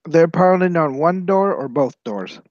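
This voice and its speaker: A man's voice: on the high side, expressive, measured pace, darkish tone, no room sound. A man playing a tabletop game, laying out his plans step by step while thinking aloud. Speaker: player. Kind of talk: casual tabletop play. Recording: dry, lo-fi recording.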